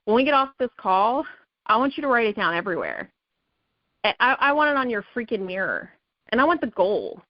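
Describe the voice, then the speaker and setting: A woman's voice: fairly high pitch, very animated, fairly quick, no room sound, lo-fi sound. A woman leading a sales team call, giving an emphatic, repetitive motivational pep talk. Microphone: call or conference audio.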